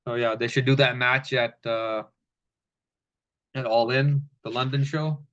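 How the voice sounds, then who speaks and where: A man's voice: medium pitch, steady tone, a little slow, fairly bright tone, highs cut off. A man casually recapping a wrestling show, rambling and profane, with fillers and laughs.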